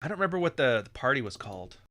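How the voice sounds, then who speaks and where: A man's voice: mid-range voice, very animated, rapid-fire, pushed and bright. Blunt, profane male podcast host. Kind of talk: live podcast rant.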